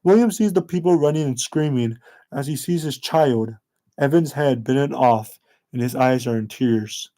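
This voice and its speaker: A man narrating a fan-made story in a plain, slightly halting reading voice. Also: mid-range voice, warm tone.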